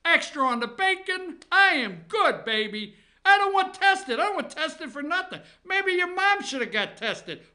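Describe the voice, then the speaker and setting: A man's voice: extremely high pitch, sing-song, moderate pace, few pauses, bright, forceful tone, voice pushed up, full character voice. A man doing a brash, swaggering impression of a boastful older male politician. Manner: swaggering, taunting.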